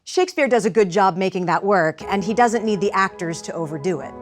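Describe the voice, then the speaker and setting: Woman, acting teacher, measured lecture with demonstrations, faint background noise. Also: mid-range voice, lively intonation, faint music behind.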